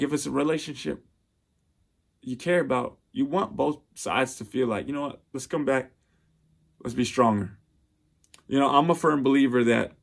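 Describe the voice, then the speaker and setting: Earnest man giving heartfelt relationship advice. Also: mid-range voice. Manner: earnest and heartfelt, many restarts and fillers. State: getting emotional. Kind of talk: personal motivational monologue.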